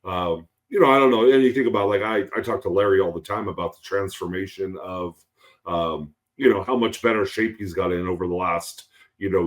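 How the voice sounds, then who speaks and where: A tired man co-hosting a podcast, rambling in casual chat with lots of fillers and some swearing. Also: sits low. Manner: rambling, many ums and you-knows, swearing. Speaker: podcast co-host.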